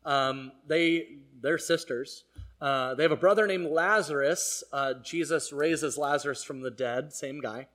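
A man's voice: a little high, measured pace, a bit bright. A man preaching a conversational sermon, telling the story casually with frequent fillers. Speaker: pastor.

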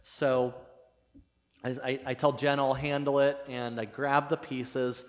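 Male pastor, middle pitch, casual self-deprecating storyteller, slightly strained voice, long reverb of a church hall. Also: takes it slowly. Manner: casual and self-deprecating, animated when retelling. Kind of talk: conversational sermon storytelling. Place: church sanctuary.

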